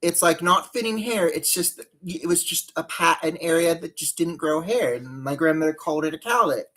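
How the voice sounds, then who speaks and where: A woman's voice: deep voice, moderate pace, fairly bright tone. A woman chatting casually on a live stream while doing her makeup, rambling and greeting viewers by name.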